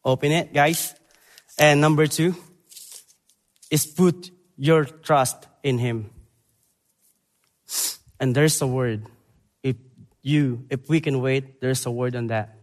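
A young man from the Philippines, preaching a sermon in halting English that moves between loud emphasis and quiet, earnest moments. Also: mid-range voice. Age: young adult. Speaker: preacher, Bible college graduate. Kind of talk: church sermon and missions presentation. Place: church sanctuary. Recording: long church hall reverb.

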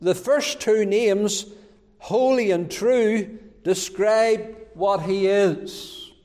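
A man preaching a sermon as pastor, in a measured way that repeats key phrases. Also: sits high, darkish tone, in a large hall. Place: church.

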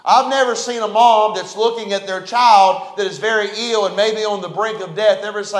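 A man preaching a sermon as pastor, telling stories and acting out scenes with shouts. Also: high voice, steady tone, moderate pace, hardly any pauses. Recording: echoey church room.

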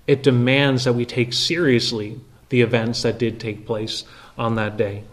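A pastor preaching an expository sermon, measured and emphatic, pausing often with filler sounds as he explains each detail. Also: medium pitch, flat delivery.

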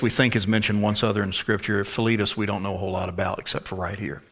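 Bright-voiced man preaching a sermon. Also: medium pitch. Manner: emphatic preaching, drops to a hushed whisper for stress. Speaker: pastor. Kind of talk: expository sermon.

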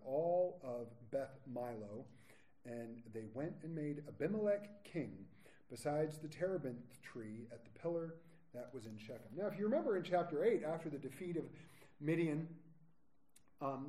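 A man leading a verse-by-verse Bible study, lively, with joking asides. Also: on the high side.

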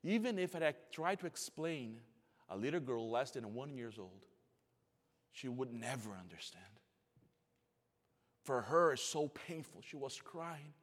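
A pastor in his forties preaching a sermon. He swings from hushed, almost whispered storytelling to loud, rising emphasis, and his English phrasing is slightly non-native. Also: mid-range voice, expressive, a little slow, pauses often. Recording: long hall reverb.

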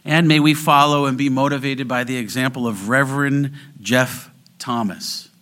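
Bright-voiced male pastor preaching earnestly. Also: mid-range voice, fairly even intonation. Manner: earnest, rising to fervent exhortation; slows down and drops to near whispers for emphasis. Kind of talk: sermon.

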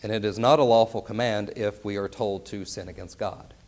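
A man's voice: lowish voice, fairly even intonation, brisk, darkish tone, slight background noise. Earnest, emphatic male preacher. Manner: earnest, emphatic, asks rhetorical questions. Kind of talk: sermon.

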